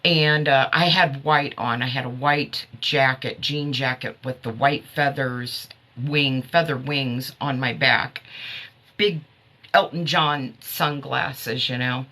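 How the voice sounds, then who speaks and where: A woman's voice: a bass voice, fairly even intonation, slow, sharp tone. A woman hosting a casual live stream, chatting with viewers about her herbal products, laughing often.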